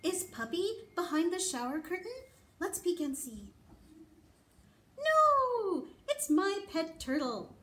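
A woman, a children's librarian, reading picture books to toddlers and singing rhymes in an animated, exaggerated sing-song. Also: high voice, moderate pace. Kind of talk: toddler storytime with songs and rhymes.

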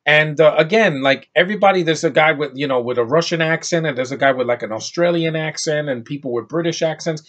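A man ranting casually about a movie, exasperated and sarcastic, with sudden loud outbursts between grumbles. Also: a little high, fast, few pauses, highs cut off. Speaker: movie reviewer.

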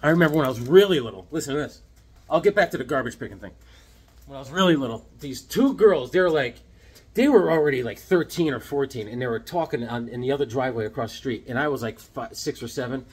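A man's voice: mid-range voice, lively intonation, fast talker, husky. A middle-aged man vlogging about comic books in a rambling, casual way, often acting out the voices of people in his stories.

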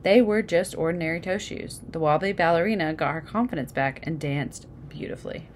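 Female storybook reader, lower voice, relaxed page-by-page asides, faint hiss behind. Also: a little fast. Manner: casual asides explaining the pictures. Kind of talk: reading a picture book aloud.

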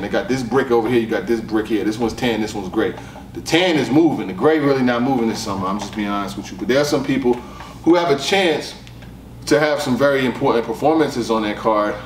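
A man casually giving his opinions on battle rap, rambling and laughing often as he talks. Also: lowish voice. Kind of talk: casual talk commentary. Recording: roomy echo, distant mic, faint noise.

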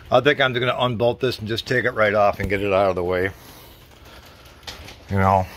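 A middle-aged man with a plain mid-pitched voice, talking off the cuff as he putters around his home garage. He rambles and swears mildly between jobs, and his phone picks it all up. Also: a bit bright, slight background noise. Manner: rambling, chatty, mild cursing. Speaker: garage vlogger. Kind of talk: casual workshop chat. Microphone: phone camera.

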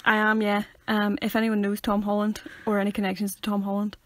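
A woman's voice: mid-range voice, monotone, brisk, no echo. A young woman with a Northern Irish accent, co-hosting a podcast in bubbly, laughing casual chat. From Northern Ireland. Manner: bubbly, laughing, mimics voices. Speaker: podcast co-host.

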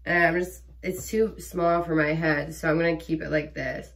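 A woman's voice: sits low, steady tone, normal speed. A young woman vlogging casually at home, chatty and giggly, rambling with fillers. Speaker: vlogger mom. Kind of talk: casual chat. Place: home bathroom. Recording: voice from a distance.

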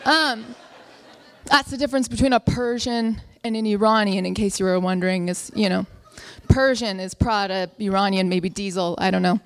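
A woman's voice: medium pitch, fairly even intonation, moderate pace. A young woman telling a funny story live, acting out her family members' voices.

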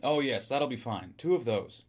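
A man voicing a housewife who acts calm and natural while hiding a killing, raising his pitch for her. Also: normal speed, close to an everyday voice. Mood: sweetly casual.

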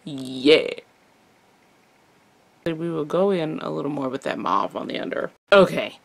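A woman's voice: low voice, expressive, a little slow, vocal fry. A young adult woman vlogger chatting casually through a makeup tutorial, playful and chatty, tossing in little sound effects. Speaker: beauty vlogger.

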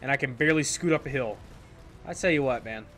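A gameplay streamer talks fast over his own play in a mid-range, fairly bright voice. His commentary to viewers is casual and jokey, with repeated phrases and swearing whenever things go wrong.

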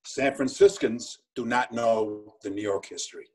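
A man's voice: medium pitch, moderate pace, darkish tone. A man hosting a fan society session, chatting casually and repeating phrases. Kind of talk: casual conversation. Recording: distant, husky mic sound.

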